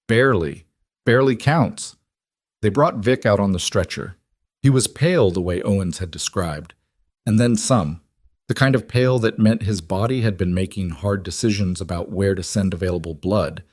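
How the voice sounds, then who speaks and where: A man narrating a scripted story in a measured, steady delivery. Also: lowish voice, dry recording, studio quality.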